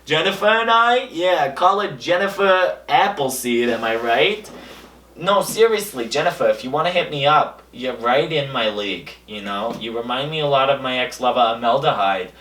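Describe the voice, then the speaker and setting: A young man hosting a comedy show, delivering a deadpan monologue full of absurd boasts, his voice jumping between high and low. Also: normal speed, a little hiss or hum. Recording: echoey room, a bit far from the mic.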